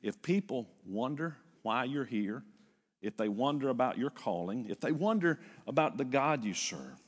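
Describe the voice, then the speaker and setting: An older man preaching a sermon as pastor, retelling a story with lively repetition. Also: mid-range voice, normal speed, slightly rough, in a large hall. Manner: animated storytelling with repeated phrases. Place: church.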